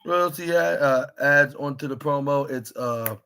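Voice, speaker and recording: A man's voice: medium pitch, normal speed, pushed and bright, clear, resonant tone. A young man hosting a casual solo podcast recap, rambling with many restarts and filler words. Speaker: podcast host.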